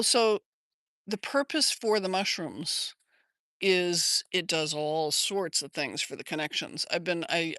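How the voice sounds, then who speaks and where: Older American woman, bright crisp voice, rambling livestream host chatting outdoors, dry close phone sound. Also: deep voice, no room sound. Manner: rambling and chatty, answers viewer comments. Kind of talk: casual livestream chat. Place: outdoors in her yard.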